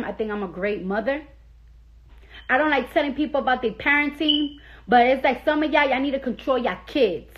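A young celebrity woman rants angrily into her phone during a social media live stream, swearing constantly and repeating herself for emphasis. Her high voice is lively in intonation and fairly quick, and the audio has its highs cut off.

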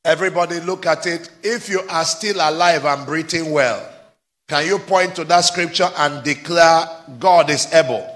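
Male pastor, bright tone, fervent call-and-response preaching. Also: fairly high pitch, normal speed. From Nigeria. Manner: exhorting, climbs to fervent shouting, prompts replies. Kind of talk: live sermon with call and response. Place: church service before a congregation.

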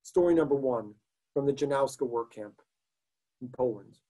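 Earnest rabbi with a husky, mellow voice. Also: male voice, medium pitch, moderate pace, rough recording. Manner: earnest, emphatic storytelling. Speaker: rabbi lecturer. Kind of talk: online lecture with story reading.

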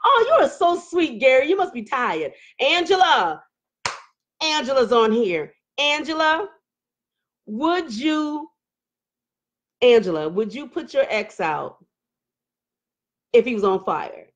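A middle-aged woman chats on a live stream in a fairly high voice. She reads comments aloud, laughs often, and swings between teasing and heated venting. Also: normal speed. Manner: animated, laughing, emotional outbursts, Southern Black vernacular phrasing. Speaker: live-stream host reading viewer comments. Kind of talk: casual live-stream chat.

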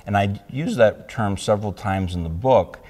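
A man, an author, reminiscing about a friend in a hesitant way with many pauses and fillers. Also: lowish voice, darkish tone. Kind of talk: anecdotal reminiscence.

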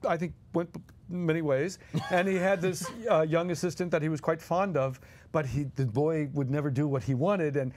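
Lively guy spinning showbiz stories, slightly high voice, chuckly. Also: normal speed, slight background noise. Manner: animated, chuckles while telling stories, acts out voices. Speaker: guest co-host. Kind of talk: anecdotal storytelling on a podcast.

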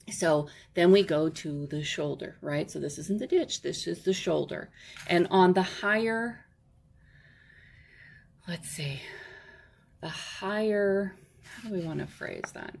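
A woman's voice: on the low side, gravelly, breathy edge. A woman walking through a parenting workbook in a casual teaching manner, often checking in with "okay?" and correcting herself as she goes.

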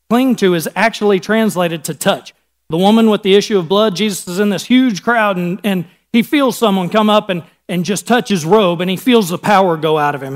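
Pastor, male, Midwestern American accent, high voice, chatty sermon delivery that slips into voices for the Bible scenes. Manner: conversational, acts out Bible scenes in casual voices.

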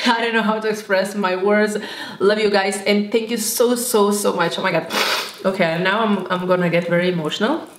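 A woman skincare vlogger talking casually to camera, gushing and effusive, often repeating her words. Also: mid-range voice. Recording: echoey room.

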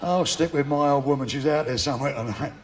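A man's voice: fairly high pitch, fast talker, a faint crowd, slight background noise. A middle-aged man doing a stand-up comedy routine on stage with brash, cheeky, laddish patter. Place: live charity concert stage.

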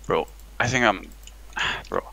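A man's voice: low voice, wildly swooping pitch, slow, gravelly, bright, forceful tone, husky, rough recording. A young man chatting casually with a friend while gaming, joking, rambling and swearing a lot. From Denmark.

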